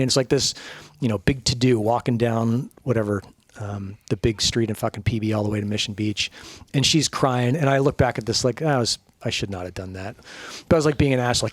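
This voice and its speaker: A man telling stories as a podcast guest, animated and profane, acting out the people he quotes. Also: mid-range voice, quick pace, no echo. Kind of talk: storytelling.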